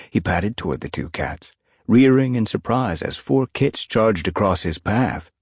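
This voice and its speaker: A male narrator reading a children's animal fantasy audiobook with expressive storytelling. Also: extremely low pitch, moderate pace, husky, no echo, clean studio sound. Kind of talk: scripted narration.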